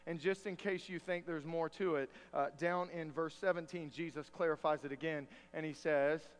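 A pastor with a high-pitched voice delivers a sermon in a folksy, conversational way, mixing scripture reading with homespun stories. His voice carries a long reverb tail from the church sanctuary. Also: steady tone, normal speed, clear, resonant tone, soft background music. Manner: folksy, conversational preaching with storytelling.

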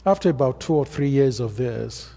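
African-accented man preaching in a church hall, warm dark voice, long echo all around. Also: medium pitch, lively intonation, normal speed, gravelly. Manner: storytelling preacher, plain and earnest. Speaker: pastor. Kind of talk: sermon.

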